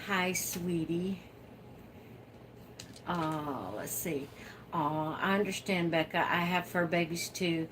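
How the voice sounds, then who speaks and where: Slow-talking woman chatting on her livestream. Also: low-pitched, background noise. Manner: chatty, unhurried, laughs often. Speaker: livestream host. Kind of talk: casual live chat reading viewer comments.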